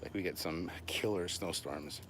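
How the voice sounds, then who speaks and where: Male host, very low voice, winded from walking, chatty live-stream banter outdoors, faint background noise. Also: normal speed, fairly bright tone. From Canada. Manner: chatty, self-deprecating, answers viewer questions. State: out of breath. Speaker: channel host. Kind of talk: casual live-stream chat while walking. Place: outdoors at night, on a walk.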